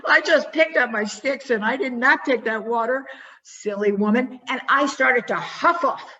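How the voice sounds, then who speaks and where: A woman giving a keynote talk, telling a personal story with expressive, dramatic delivery and leading a quiet reflection. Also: a little high. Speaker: keynote speaker. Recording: dull lo-fi recording.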